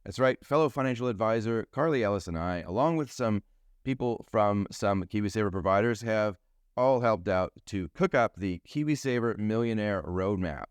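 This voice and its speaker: This fairly low-pitched male voice belongs to a financial advisor from New Zealand running his own solo podcast. He keeps things chatty and jokey, leaning on food metaphors, and the studio-quality audio has no echo.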